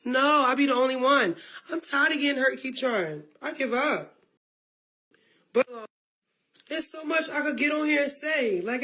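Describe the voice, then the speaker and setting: Woman with a very high voice, emotional livestream rant, rambling and talking right to viewers. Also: a bit bright. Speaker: livestreamer in a played clip.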